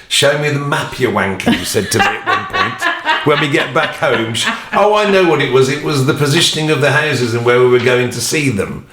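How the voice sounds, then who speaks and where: A man's voice: medium pitch, very animated, normal speed, roomy sound, very noisy. A man co-hosting a podcast in casual chat, wry and self-deprecating. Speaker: podcast co-host.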